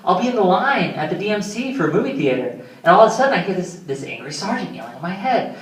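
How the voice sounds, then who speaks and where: Young male stand-up, rambling and self-mocking with lively pitch; distant, echoey room sound. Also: fast, hardly any pauses. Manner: rambling, self-deprecating, many fillers. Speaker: stand-up comedian. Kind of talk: stand-up comedy storytelling. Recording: roomy hall, mic from far off.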